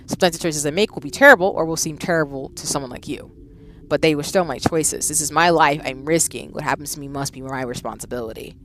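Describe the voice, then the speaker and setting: A woman with a low, fairly bright voice speaks quickly over slight background noise. She voices a proud, stubborn young noblewoman villainess, delivering game dialogue formally and with self-assurance. Her mood is indignant.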